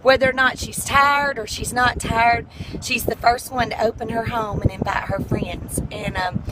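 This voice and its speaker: A woman's voice: a little high, steady tone, normal speed, background noise. A middle-aged woman, chatting in a folksy, heartfelt way. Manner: folksy and heartfelt, tearful at times. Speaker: vlogger. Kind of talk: casual chat.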